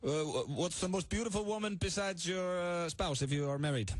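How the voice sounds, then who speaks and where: A man co-hosting a radio show, firing off quick questions in casual studio chat with lots of hesitant "uh"s. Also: high-pitched, no echo. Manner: hesitant, lots of "uh", laughing easily.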